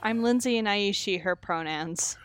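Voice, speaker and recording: A woman's voice: medium pitch, normal speed, faint music behind. A woman co-hosting a podcast, chatting casually with dry, teasing remarks. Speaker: podcast co-host.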